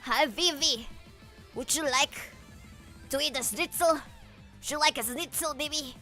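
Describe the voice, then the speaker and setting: A woman's voice: high voice, measured pace, sharp tone, pitched above the performer's own voice. A woman voicing a doting older German neighbor lady with a thick put-on German accent, over faint guitar music. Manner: heavy, cooing accent.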